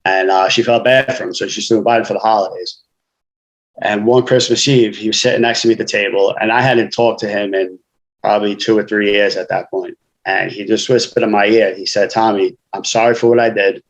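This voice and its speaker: A man's voice: lowish voice, steady tone, brisk, rough recording. A man, a guest author telling his life story frankly in casual conversation, often saying "you know".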